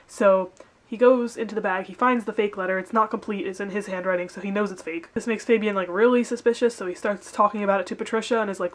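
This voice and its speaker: A woman's voice: mid-range voice, steady tone, fast. A woman recapping a TV episode in casual chat, filling her talk with "like" and "kinda". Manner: chatty, fills with "like" and "kinda".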